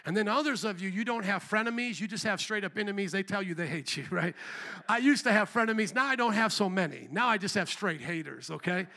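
Male pastor mid-sermon, high and bright, animated and mimicking voices. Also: quick pace. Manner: animated, acts out quoted voices, builds to shouts. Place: church sanctuary.

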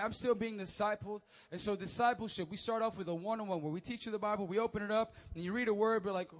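A young man, a youth pastor, giving energetic, joking announcements and preaching to teens, often calling for amens. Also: sits high.

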